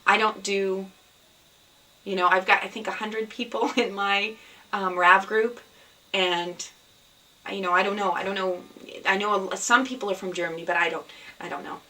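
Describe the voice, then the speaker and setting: A woman's voice: mid-range voice, bright, forceful tone, distant mic, poor audio. A woman hosting a knitting podcast, chatting casually at home with lots of ums and restarts. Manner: chatty, rambling, with many fillers and restarts. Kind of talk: casual chat to camera. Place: at home, indoors.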